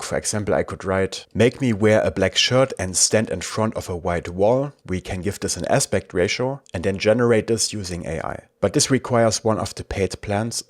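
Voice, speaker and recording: A man with a German accent, casually walking viewers through a software tutorial with dry asides. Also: low voice. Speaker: tech reviewer. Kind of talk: screen-recorded software tutorial.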